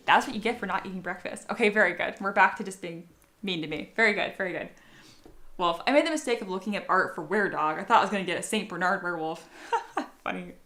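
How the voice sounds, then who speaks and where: A woman's voice: on the low side, bright, forceful tone, roomy sound. A woman sculpting on a live stream, chatting casually with her viewers and reading their comments aloud, often poking fun at herself. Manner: chatty, self-deprecating, reads chat aloud.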